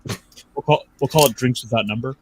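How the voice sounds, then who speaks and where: A man joining a casual chat as a co-host, throwing in quick wisecracks. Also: mid-range voice, a little hiss or hum.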